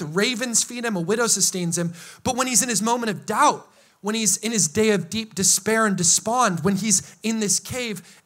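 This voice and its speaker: A male pastor preaching a lively, joking sermon, acting out scenes from the story as he goes. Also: high-pitched. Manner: animated, joking storyteller who acts out biblical dialogue. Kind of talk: energetic sermon.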